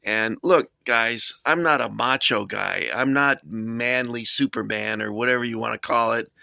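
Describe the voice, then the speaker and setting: A man's voice: mid-range voice, unhurried, gravelly, bright, forceful tone, dry recording, studio quality. A middle-aged man hosting a casual vlog, rambling and self-deprecating as he shows off his toy soldier collection. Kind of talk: casual show-and-tell vlog.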